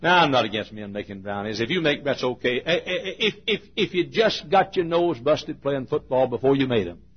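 A male preacher delivering a revival sermon in a husky voice, swinging from booming shouts to hushed asides and sing-song chants. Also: expressive, fairly quick, hardly any pauses, dull audio.

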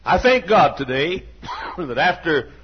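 A man's voice: a little high, very animated, takes it slowly, breathy edge. A man in his sixties preaching a sermon in a church, telling personal stories in a folksy, earnest way with frequent restarts and coughs. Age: 60s. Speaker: pastor. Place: church sanctuary. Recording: dull lo-fi sermon recording.

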